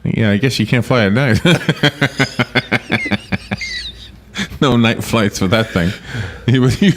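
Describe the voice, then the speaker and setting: Male radio host, casual call-in chat, chatty, laughs at own stories, mid pitch. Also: slow pace, a bit bright, a little hiss or hum.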